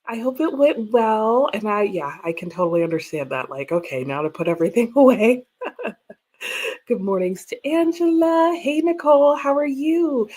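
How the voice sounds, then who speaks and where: A woman's voice: on the high side, darkish tone. Chatty woman streaming from home. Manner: chatty, laughs often, reads out viewer comments. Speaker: livestream host. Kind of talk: casual livestream chat. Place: home room with bookshelves.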